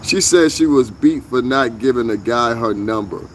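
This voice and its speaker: A vlog host delivers an opinionated commentary rant, blunt and loaded with profanity and emphatic jabs. His voice is medium-pitched and moves at a normal speed, with a little hiss or hum in the recording.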